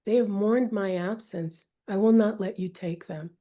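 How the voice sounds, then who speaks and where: A woman's voice: mid-range voice, unhurried, dark tone, natural voice. Woman voicing a defiant goddess queen. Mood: firm defiance.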